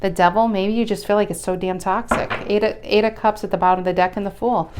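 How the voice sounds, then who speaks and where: A woman's voice: medium pitch, steady tone, fast, a little mellow, slight background noise. A woman doing a casual tarot reading to camera, talking bluntly and chattily, swearing now and then and often restarting her sentences. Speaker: tarot reader.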